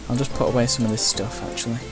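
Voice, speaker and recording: A man's voice: medium pitch, steady tone, very fast, music in the background. A man giving casual, chatty gameplay commentary with wry asides. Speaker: gamer.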